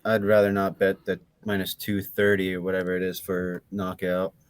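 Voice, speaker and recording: A brash man calls in to a show, swearing freely and sounding a bit winded. His voice is lower than most. The sound is dry and close. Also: completely flat delivery, moderate pace, no echo. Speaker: caller. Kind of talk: casual chat.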